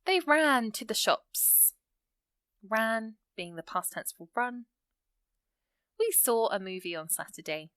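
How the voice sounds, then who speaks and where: Woman going over grammar rules, patient teacher vibe, slows down on examples, dry close sound. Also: fairly high pitch, very animated, fairly bright tone, clean tone, no echo. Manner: patient, reads example sentences slowly and stresses key words. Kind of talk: explaining a grammar lesson.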